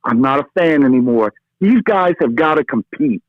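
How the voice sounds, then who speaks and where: A man's voice: mid-range voice, animated, moderate pace, dry recording. A man calling in to a sports talk show, ranting with fire and tagging his lines with "okay?" and "brother.". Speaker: caller. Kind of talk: phone-in sports rant. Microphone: phone. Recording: tinny phone line.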